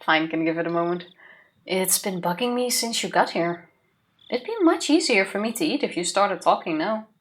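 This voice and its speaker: A woman's voice: medium pitch, lively intonation, moderate pace, close to an everyday voice. A woman voicing a cheeky, confident fifteen-year-old girl while reading a visual novel aloud, playful and bossy. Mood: teasing.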